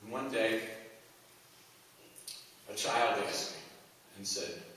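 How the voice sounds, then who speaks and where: Older male guest speaker, low voice, halting personal testimony; distant pickup, heavy hall reverb. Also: sharp tone. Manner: earnest, halting, plain-spoken. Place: church hall. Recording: echoey hall, far from the mic, faint hiss.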